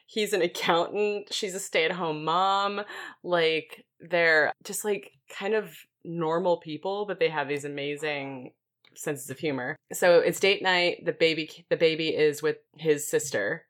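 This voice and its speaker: A woman co-hosting a book podcast, with a low-pitched voice. She talks with casual enthusiasm and laughs through her sentences. She swears without a second thought. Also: a little slow, a bit bright. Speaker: podcast co-host. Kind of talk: casual chat.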